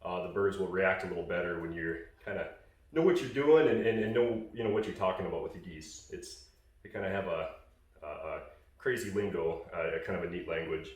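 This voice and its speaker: A man's voice: low-pitched, brisk, heavy reverb, distant mic. A man casually explaining goose calling in a hunting call tutorial, rambling with fillers and restarts.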